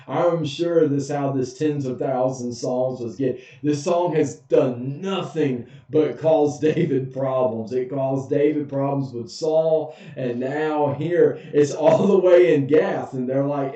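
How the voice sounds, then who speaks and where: A man's voice: mid-range voice, measured pace, hardly any pauses, mellow. A man, a pastor giving a casual, humorous Bible study in a church sanctuary. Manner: folksy, humorous, chuckles often. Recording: echoey, dull, far from mic.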